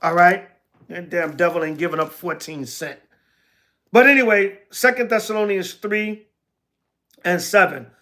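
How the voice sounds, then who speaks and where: High, bright-voiced preacher answering his chat. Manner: reads scripture slowly, then talks back to commenters in blunt, repetitive bursts. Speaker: elder teaching scripture on a livestream. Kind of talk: sermon mixed with casual replies to live chat.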